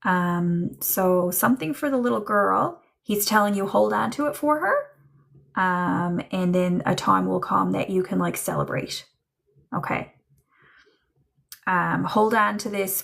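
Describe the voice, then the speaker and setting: Gravelly-voiced woman medium chatting live. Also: mid-range voice, a bit bright. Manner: chatty, relays messages in quotes, laughs often. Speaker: psychic medium and livestream host. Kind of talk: live-streamed spirit and tarot reading.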